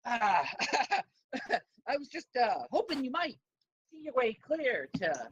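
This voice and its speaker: A woman's voice: a little high, very animated, takes it slowly, highs cut off, background noise. Woman playing a sly tiny thief boss. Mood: wheedling. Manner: wheedling, hesitant, conspiratorial.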